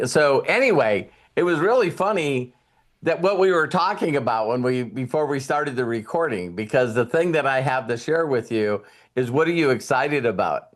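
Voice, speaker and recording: A man's voice: mid-range voice, lively intonation, moderate pace. An older man hosting a live video call, giving a rambling, folksy motivational talk and laughing often. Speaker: host.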